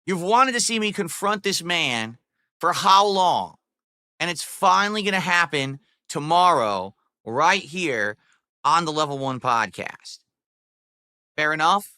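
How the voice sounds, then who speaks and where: High bright guy ranting on stream, swears a lot, dry close sound. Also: expressive, a little slow, dry recording. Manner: profane, mocking, exasperated. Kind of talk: livestream rant.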